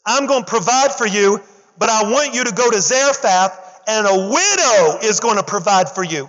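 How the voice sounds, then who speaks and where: A male pastor preaching an animated sermon, acting out the story's characters in casual slang and calling on the congregation to respond. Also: high-pitched, moderate pace, big-room sound, muffled recording. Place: church.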